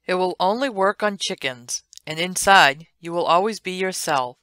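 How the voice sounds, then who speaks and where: A woman's voice: fairly low pitch, normal speed, sharp tone, smooth, dry recording. Woman reading as a jungle queen, storybook, gracious, grand, dry close sound. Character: stern fairy-tale queen of a jungle land.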